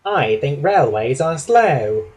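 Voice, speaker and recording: A man reading a storybook aloud and voicing a boastful male helicopter that talks in a slow, smug drawl. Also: fairly high pitch, big pitch swings, darkish tone, husky, exaggerated voice.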